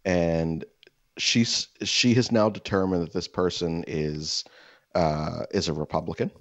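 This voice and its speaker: A man's voice: sits low, steady tone, measured pace, no echo. A man casually telling a long anecdote, full of "like" fillers, slipping into voices when he quotes people. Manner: rambling, heavy "like" fillers. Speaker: storyteller. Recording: dull, lo-fi dry sound.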